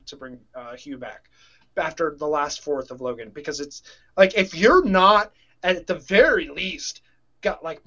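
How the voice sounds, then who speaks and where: A high-pitched man with a fairly bright tone co-hosts a casual podcast chat. As he gets emotional, he rambles and restarts sentences, and the recording has a dull lo-fi sound.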